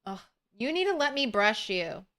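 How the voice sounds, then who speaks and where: A woman game streamer speaks in a slightly high, bright and crisp voice. She takes an unhurried pace, trading playful jokes with her chat and her cat as she plays. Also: sing-song. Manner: playful, joking asides and chatter to her cat. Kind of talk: casual livestream chat while gaming.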